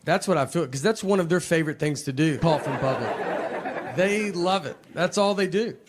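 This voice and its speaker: A man from Tennessee with a Southern accent, doing stand-up with a low-key, deadpan, rambling delivery. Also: normal speed. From Nashville, Tennessee. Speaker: stand-up comedian. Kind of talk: stand-up storytelling. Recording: noisy live stand-up recording.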